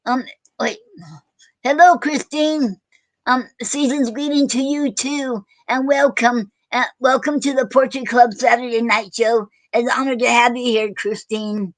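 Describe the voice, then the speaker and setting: A woman hosting a casual online poetry show, talking haltingly with many fillers and self-corrections. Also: a little high, no room sound, low-quality recording. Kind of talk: casual live-stream chat.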